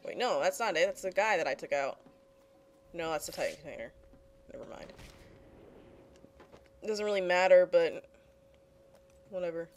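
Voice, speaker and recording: A woman's voice: fairly low pitch, animated, normal speed, long pauses. A woman giving casual gameplay commentary, blunt and frustrated, swearing freely at the game.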